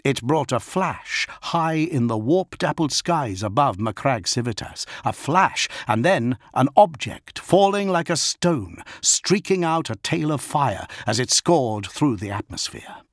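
A man narrating an audiobook in an expressive storytelling manner. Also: medium pitch, a little slow, hardly any pauses, dry recording, studio quality. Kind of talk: scripted narration.

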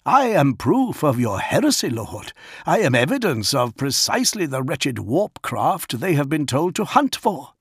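A man's voice: fairly high pitch, big pitch swings, unhurried, breathy edge, no echo, studio quality, voice pushed up, exaggerated voice. A man voicing an earnest male adviser who speaks in an urgent, pleading way.

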